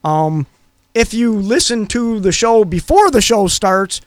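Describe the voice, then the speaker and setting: A man with a high voice co-hosts a radio talk show and rambles through his stories, full of filler words. The sound is dry and close. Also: animated, unhurried, no echo. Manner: rambling storyteller, many fillers. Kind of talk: casual chat.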